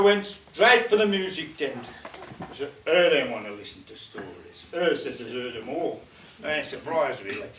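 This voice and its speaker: A man's voice: high voice, sharp tone, a little hiss or hum. Older man telling a folk club tale. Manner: chatty, jokey, dialect phrasing. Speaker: storyteller. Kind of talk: live folk club storytelling. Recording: echoey room, mic at a distance.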